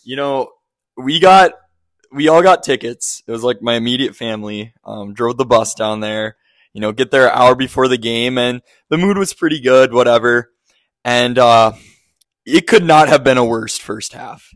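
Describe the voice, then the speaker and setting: A hoarse man co-hosting a sports podcast, with his voice partly gone. He tells his story haltingly, full of fillers, at a middling pitch. The recording is dry and close. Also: dry recording. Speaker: podcast co-host. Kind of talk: casual sports podcast chat.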